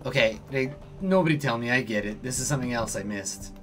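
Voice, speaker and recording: A man's voice: medium pitch, a little fast, fairly bright tone, soft background music. A man hosting a live let's play stream. He comments on the game and reads its text in a casual, chatty way.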